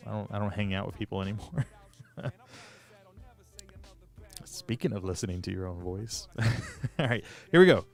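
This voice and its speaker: A man's voice: lowish voice, lively intonation, normal speed, creaky, long pauses, faint music behind. A man chatting casually on a live stream, rambling and self-deprecating with lots of fillers, greeting viewers as he goes. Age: adult. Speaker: streamer and hobby modder.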